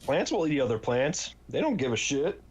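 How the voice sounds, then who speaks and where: A man playing a tabletop game throws in crude jokes in a deadpan delivery. His voice is mid-pitched and unremarkable. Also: normal speed, husky. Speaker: player. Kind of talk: casual tabletop play.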